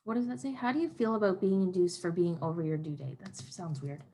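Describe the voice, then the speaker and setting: A woman working as a doula, chatting casually through a birth plan, upbeat and quick to laugh. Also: lowish voice, warm tone. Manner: upbeat, laughs easily, reads questions aloud. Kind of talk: casual birth-planning chat.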